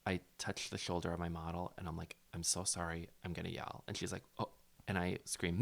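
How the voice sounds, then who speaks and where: A man co-hosting a casual recap chat, telling animated stories with sudden loud yelps and laughs. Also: sits low, a little fast, creaky. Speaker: podcast co-host and former contestant.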